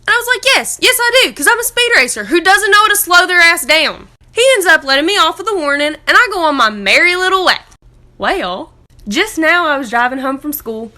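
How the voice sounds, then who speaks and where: Sassy bright-voiced young woman. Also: high voice. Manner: sassy, self-mocking. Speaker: student. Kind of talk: casual storytime.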